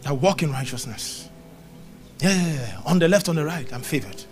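Middle-aged male pastor, high and very lively pitch, emphatic repetitive sermon delivery with scripture quotes. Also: a little fast, soft background music. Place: church service.

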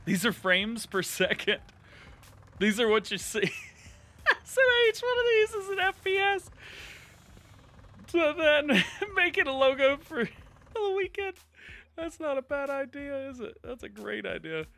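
Giggly high-voiced man streaming a farm game. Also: very animated, unhurried, pauses often, sharp tone. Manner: giggly, laughs constantly, reads chat aloud. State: giddy. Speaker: livestream gaming host. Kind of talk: casual live gameplay commentary.

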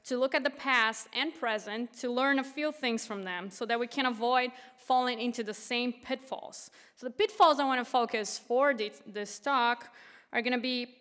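A woman's voice: fairly high pitch, normal speed, fairly bright tone. A woman from Brazil giving a conference talk as an activist, casual and conversational with many fillers. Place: large conference hall. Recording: long hall reverb.

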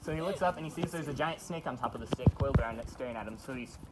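A man's voice: medium pitch, racing, very noisy. A young man improvising a story at a house party, rambling and stopping himself with chuckling asides. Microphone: phone camera.

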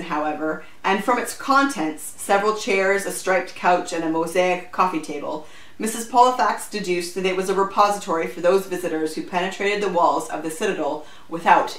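Woman reading a story aloud, echoey. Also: medium pitch. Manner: measured, even storytelling. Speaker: book reviewer. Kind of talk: scripted narration. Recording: roomy echo, distant mic.

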